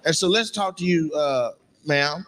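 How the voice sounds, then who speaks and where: A man's voice: on the high side, a little slow, fairly bright tone. A man doing stand-up crowd work, teasing audience members in brash, profane banter on a live stage mic. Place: live comedy venue. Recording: noisy live venue sound.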